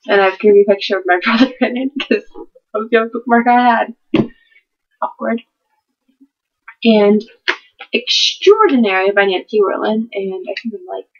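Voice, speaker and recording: On dull lo-fi webcam audio, a teenage girl with a husky, medium-pitched voice rambles about her books to camera from home, hyper and giggly in this casual vlog.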